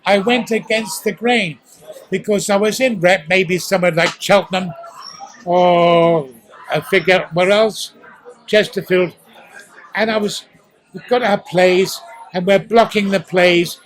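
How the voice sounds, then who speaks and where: A man in his eighties from London's East End, speaking with a posh English accent, is a guest actor telling stories theatrically in a restaurant interview, acting out sounds. His voice is high and steady at a measured pace, and the recording is rough.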